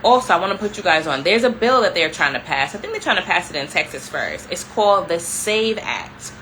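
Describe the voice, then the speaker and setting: A young adult woman telling a story to her viewers in a casual, animated way, filling her talk with "like" and calling them y'all. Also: on the low side, fairly quick, slight background noise, poor audio. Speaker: vlogger.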